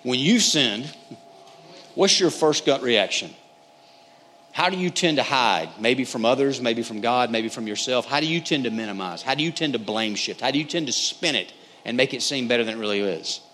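A male Bible teacher who talks his group through a passage earnestly and casually. His voice sits at a middle pitch. It carries a long hall reverb, with faint noise underneath. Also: expressive, moderate pace, pushed and bright. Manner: earnest, conversational, addresses listeners as guys. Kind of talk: sermon-style Bible teaching.

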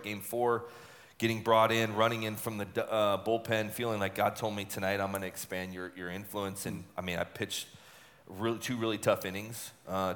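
Chatty man telling stories in a reverberant hall. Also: lowish voice. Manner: chatty, repeats words, lively acted-out quotes. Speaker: retired relief pitcher. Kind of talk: animated storytelling in an interview.

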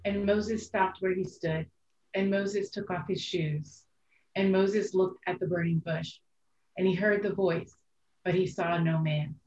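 A woman with a low voice recites a sermon poem slowly and rhythmically. The sound is roomy and echoing. The recording is dull and lo-fi. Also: fairly even intonation, darkish tone. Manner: slow, deliberate, rhythmic. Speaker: reader.

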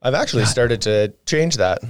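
A man's voice: medium pitch, lively intonation, moderate pace, clean tone, no echo, studio quality. A man co-hosting a podcast in casual chat, teasing and sarcastic. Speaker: podcast co-host.

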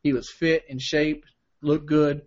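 A man's voice: on the high side, little pitch movement, slow, highs cut off. A man hosting a casual podcast, asking questions in a teasing, joking way. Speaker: podcast host.

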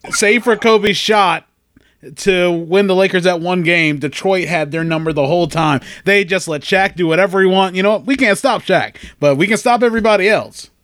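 A man's voice: high voice, moderate pace, fairly bright tone, dry recording. A man in casual podcast chat, reflective, with exclamatory asides.

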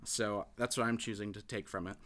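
A man's voice: on the low side, little pitch movement, a little fast, fairly bright tone. A man casually recapping a film plot for a podcast, rambling with many fillers and restarts.

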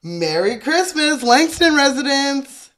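A woman voicing a cheery, pushy man who eats cookies and talks with a full mouth, in a high bright voice. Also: sing-song, slow pace, exaggerated voice. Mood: smug cheery. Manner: chirpy, mouth full, overly friendly.

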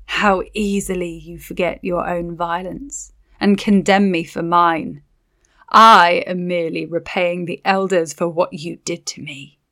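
A woman voicing a vengeful, sorrowful ancient witch spirit in an audiobook, speaking slowly and coldly. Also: lowish voice, fairly even intonation, a bit bright. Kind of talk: audiobook character voice.

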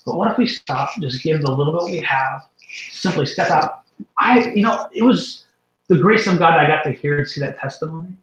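A man, a guest, telling a faith story in an animated way, often repeating and restarting words. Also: fairly high pitch, moderate pace, echoey room, lo-fi sound. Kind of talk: storytelling testimony.

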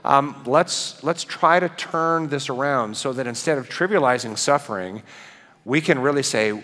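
A pastor delivers a sermon in a mid-pitched male voice. He tells stories quietly, then lifts into emphatic preaching. The sound carries a long reverb from a large hall. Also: normal speed. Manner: storytelling, rising to emphatic preaching.

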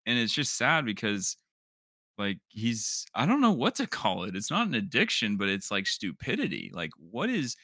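A young man co-hosting a casual sports podcast, rambling through his take with plenty of filler words. His voice is bright and forward, sitting a little low. The sound is dry and close to the mic. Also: moderate pace, no echo. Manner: rambling, animated, swears, laughs when worked up. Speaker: podcast co-host.

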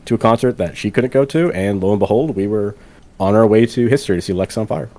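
Low-voiced podcast dude, chatty, gets ranty and emphatic. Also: male voice, fast, warm tone. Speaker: podcast co-host. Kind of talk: casual chat.

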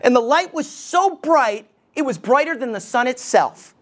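Animated preaching man, rhetorical questions. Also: extremely high pitch, normal speed. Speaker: lead pastor. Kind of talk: sermon.

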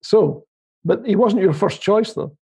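A man's voice: sits high, lively intonation, measured pace, creaky, mellow, husky. A Scottish man interviewing a guest in a casual political chat, asking wry, teasing questions. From Scotland.

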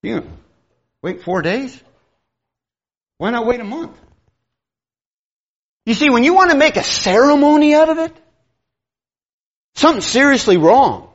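A male preacher delivering a sermon in a high-pitched voice. He tells stories and acts out the people in them, with a very animated delivery that rises and falls. The recording is dull and lo-fi. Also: measured pace, long pauses. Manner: storytelling, acting out quoted voices.

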